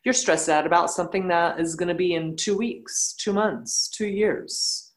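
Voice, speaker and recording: A woman, a yoga teacher, speaking bluntly and telling animated stories in a casual podcast conversation. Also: fairly low pitch, measured pace, rough recording.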